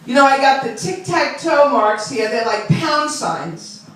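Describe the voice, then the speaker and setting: A Long Island, New York comedian in her 60s runs a chatty, self-deprecating stand-up set, teasing the audience. Her voice is high and a little slow, heard from far off in an echoey club room.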